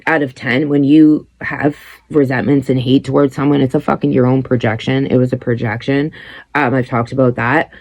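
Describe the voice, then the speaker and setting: A blunt, foul-mouthed woman in her thirties telling her own story as a podcast host. Her voice has a gravelly, fried edge, and the sound is close and dry. She breaks into lively quoted voices as she talks. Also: extremely low pitch, dry recording. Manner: blunt, heavy swearing, animated quoting. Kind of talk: candid personal storytelling.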